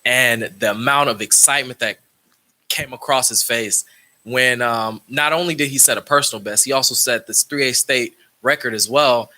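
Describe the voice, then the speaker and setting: A man's voice: mid-range voice, normal speed, bright, forceful tone. A man, a track coach, speaking at a school board meeting and telling a story about an athlete, with frequent restarts and acted-out dialogue. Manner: storytelling, many restarts, acts out quoted dialogue. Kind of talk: speech at a public meeting.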